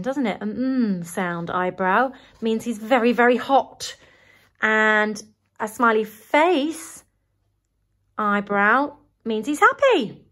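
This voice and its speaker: Woman teacher, storytime for small children, high, very lively, unhurried, enthusiastic. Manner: animated, gasping, enthusiastic. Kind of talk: reading a picture book aloud to young children.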